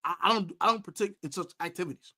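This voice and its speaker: A man hosting a football preview, trash-talking rival fans in a boastful, animated way and repeating his taunts. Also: sits high, fast. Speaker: sports podcast host.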